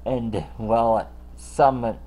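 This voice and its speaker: Slow, rambling man hosting a drawing show. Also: mid-range voice, steady tone, warm tone, poor audio. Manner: rambling, chatty, with many fillers and restarts. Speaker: host of a drawing channel. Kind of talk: casual chat while drawing. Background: song playing in the background.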